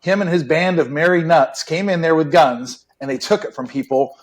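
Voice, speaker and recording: Middle-aged ex-detective guest, slightly high voice, relaxed and chatty. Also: male voice, moderate pace. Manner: relaxed, chatty, many "right?" and "you know". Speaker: retired police detective guest. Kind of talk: casual storytelling interview.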